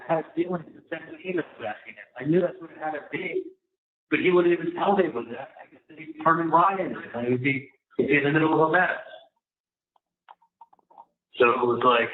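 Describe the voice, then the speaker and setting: A man on a recorded phone call, rambling through a long, aggrieved account of a dispute. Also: fairly high pitch. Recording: tinny, echoey phone line with faint noise.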